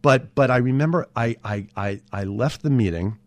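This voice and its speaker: Lively man from Southern California telling stories. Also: medium pitch, normal speed, dry recording. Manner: animated, with frequent restarts and repeated words. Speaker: TV writer-producer, podcast guest. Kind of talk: casual storytelling in an interview.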